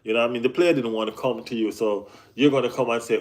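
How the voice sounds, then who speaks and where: A man hosts a relaxed live stream about football. He talks in an animated, slangy way, often circling back to the same phrase. His voice sits at an ordinary middle pitch for a man. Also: fast. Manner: animated, slangy, repeats himself. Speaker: football channel host. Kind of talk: casual live-stream chat.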